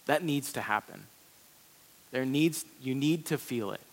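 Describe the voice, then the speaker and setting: Male pastor preaching in a reverberant hall. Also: medium pitch. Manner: conversational, animated preaching with quick asides. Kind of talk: sermon.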